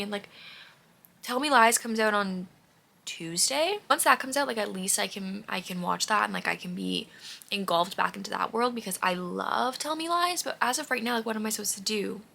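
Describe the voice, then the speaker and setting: A woman's voice: mid-range voice, creaky, pushed and bright. A woman vlogging in a casual, rambling way, gushing about what she watches and often saying "like". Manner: rambling and gushing, heavy use of "like". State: out of breath. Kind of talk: casual chatty vlog.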